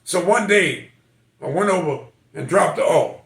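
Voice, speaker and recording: A man's voice: sits high, expressive, unhurried, creaky, fairly bright tone. Older man telling stories, echoey room. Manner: folksy, emotional storytelling with quoted voices. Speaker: military veteran telling life stories. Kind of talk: personal storytelling.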